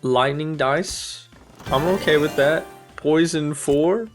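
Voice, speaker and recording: A man's voice: fairly high pitch, slow pace, soft background music. A young man giving casual, upbeat commentary while playing a video game, thinking aloud and amused by his own plays. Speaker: gaming streamer. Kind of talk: casual let's-play commentary.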